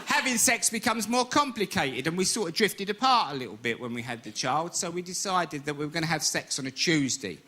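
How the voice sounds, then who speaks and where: A man's voice: on the high side, lively intonation, fairly quick, hardly any pauses. Cheeky Cockney man doing stand-up. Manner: cheeky, boastful, self-mocking storyteller. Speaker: stand-up comedian. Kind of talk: stand-up comedy routine. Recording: very noisy television broadcast recording.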